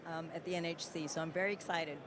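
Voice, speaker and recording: A hoarse woman contestant, her voice worn from yelling, answers interview questions. She speaks modestly and softly. Clear background noise runs around her. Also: low voice, steady tone, quick pace. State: losing her voice. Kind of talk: live event interview.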